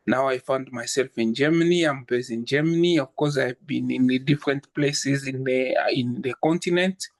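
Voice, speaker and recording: A man's voice: mid-range voice, normal speed, few pauses. A man from the Democratic Republic of Congo, introducing himself politely with many hesitations. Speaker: participant. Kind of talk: personal introduction on a group call.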